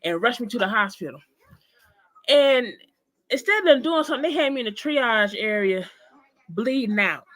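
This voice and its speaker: Speaking straight to her listeners, a woman interview guest tells a personal story with animated emphasis. Her voice is medium in pitch.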